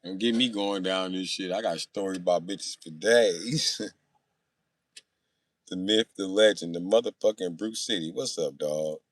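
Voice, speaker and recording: A young man on a casual live stream, reading chat and telling profane, boastful stories, swinging between loud outbursts and low mutters. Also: moderate pace, no room sound.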